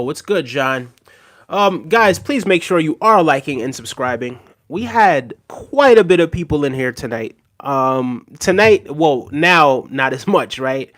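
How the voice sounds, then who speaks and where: A man's voice: mid-range voice, animated, a little slow, fairly bright tone. A man hosting a casual livestream, reading viewer comments aloud and talking to his audience in an earnest, reassuring way with lots of fillers. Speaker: livestream host.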